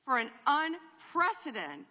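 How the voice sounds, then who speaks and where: An emphatic woman testifies in a large hearing room, hammering the same talking points. Her voice is high and bright, and the room's long reverb trails behind her words. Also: big pitch swings, a little slow.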